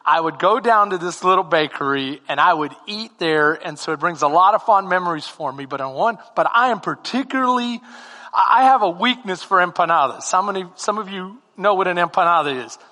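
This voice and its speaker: A man preaching a sermon as comic storytelling, animated and now and then breaking into shouts. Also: high voice, fairly quick, in a large hall. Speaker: pastor.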